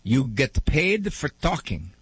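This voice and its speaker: A man's voice: mid-range voice, sing-song, slow pace, a bit bright, slightly rough, no room sound, heavily acted. A man doing a baffled old Italian grandpa. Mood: incredulous. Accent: broken Italian. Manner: baffled, questioning. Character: old male Italian immigrant grandfather, puzzled.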